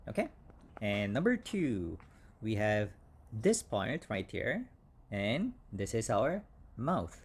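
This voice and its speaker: Slow-paced male English teacher. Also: lowish voice, very animated, a little hiss or hum. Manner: slow, repeats each word several times. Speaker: English instructor. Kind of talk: slow vocabulary lesson.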